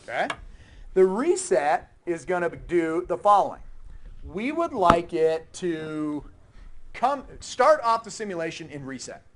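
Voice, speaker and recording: Guy teaching a logic design class, high voice, bouncy, coding live, keys clacking. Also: a little slow, noisy background. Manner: lively, chatty, teasing students. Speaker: university instructor.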